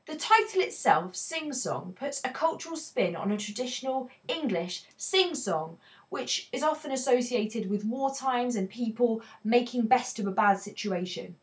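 A woman teaching a poetry analysis lesson, explaining in a clear, earnest way with emphatic stresses. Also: a little high, expressive, moderate pace.

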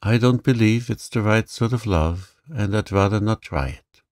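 A man reading the part of an earnest, remorseful young woman in an audiobook, in a gentle, pleading way. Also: lowish voice, moderate pace, no echo, clean studio sound, lightly acted.

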